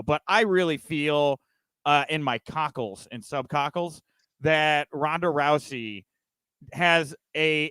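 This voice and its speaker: A man's voice: a little high, bright, forceful tone, clear, resonant tone, no room sound. A man co-hosting a casual wrestling news podcast, ranting emphatically with lots of restarts. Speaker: podcast co-host.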